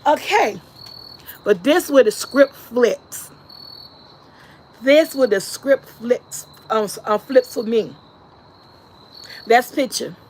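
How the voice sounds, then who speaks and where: A woman with a high voice recaps a movie in casual vlog style. Her delivery is slow and unhurried, broken up by laughs and excited shrieks. Faint crickets and insects chirp in the background. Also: slight background noise, rough recording. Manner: laughs and shrieks while retelling scenes. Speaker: vlogger reviewing a movie. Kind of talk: animated casual storytelling.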